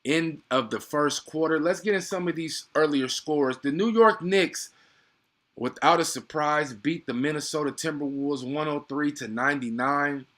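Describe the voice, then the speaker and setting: Bright excitable young man calling a game. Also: fairly high pitch, moderate pace. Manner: excitable, slangy, chatty with viewers. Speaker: live play-by-play streamer. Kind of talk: casual live play-by-play commentary.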